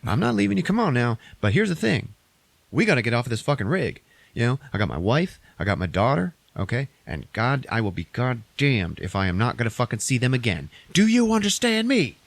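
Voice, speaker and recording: A man's voice: mid-range voice, very animated, brisk, gravelly, no room sound, pitched above the performer's own voice. A man voicing a desperate, swearing male oil rig worker urging a woman to jump, in a comic movie retelling. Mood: yelling. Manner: urgent, pushy, swearing.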